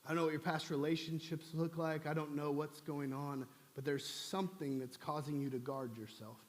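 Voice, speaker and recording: Tender reassuring lover, soft and low, read by a man, long reverb. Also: little pitch movement, moderate pace, close to an everyday voice. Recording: long church hall reverb.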